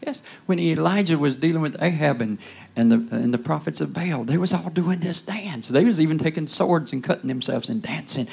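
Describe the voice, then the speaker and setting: A man preaching with a gravelly, husky voice that sits a little high for a man. He talks to the congregation like a conversation, checking in with short asides, then swings from loud, pointed bursts down to near-whispers. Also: brisk. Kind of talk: sermon.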